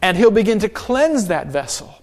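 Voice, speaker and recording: A man's voice: high voice, very animated, normal speed. A male pastor preaching an emphatic sermon and calling out for an amen.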